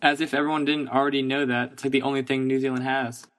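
Guy putting on a goofy new zealand visitor bit, keeps repeating himself, mid pitched. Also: level tone, fast talker, fairly bright tone, natural voice. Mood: bumbling. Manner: repeating words in a put-on accent. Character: man faking a cheerful New Zealand visitor. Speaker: fan contributor doing an impression skit.

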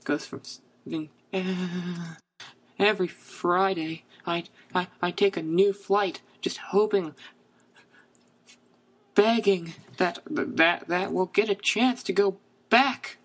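A man voicing a tired, halting man desperate to get back to an island. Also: high voice, steady tone, fairly bright tone, slightly rough, heavily acted. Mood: weary. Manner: halting, stammering. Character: weary man obsessed with returning to island.

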